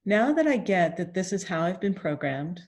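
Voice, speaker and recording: Very animated but gentle, a woman guides a tapping session. She repeats first-person phrases, pausing to sigh and draw deep breaths.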